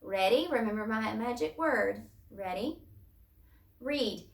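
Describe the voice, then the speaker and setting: A woman teaches young children phonics at a slow, patient pace, sounding out words piece by piece. Her voice is heard from a distance in a roomy space. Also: on the high side, expressive. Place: home room, distance learning.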